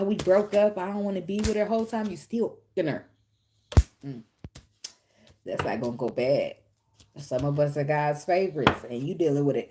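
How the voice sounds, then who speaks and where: A woman's voice: sits low, warm tone, slight background noise. A woman giving a casual tarot reading, blunt and profane, who laughs often and talks straight to the viewer. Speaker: tarot reader.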